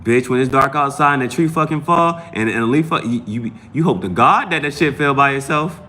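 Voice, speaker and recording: A man's voice: mid-range voice, brisk, bright, forceful tone, a little hiss or hum. A man hosting a live tarot stream, talking in a rambling, profane, emphatic way and often restarting his sentences. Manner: repeats and restarts phrases. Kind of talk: casual live-stream talk.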